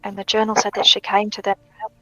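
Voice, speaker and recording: A woman's voice: medium pitch, monotone, fast, sharp tone, dry recording, soft background music, low-quality recording. A woman playing a tabletop game, chatting casually and thinking aloud as she asks questions. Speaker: player.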